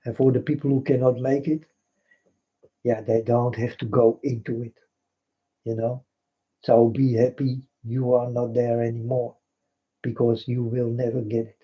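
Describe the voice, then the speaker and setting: Warm and husky, this man's medium-pitched voice stays flat as he talks at a measured pace with frequent pauses. He's a Dutch native with a Dutch accent, wandering through a spiritual vlog in broken English, repeating himself and addressing his folks. It's captured on a dull lo-fi recording.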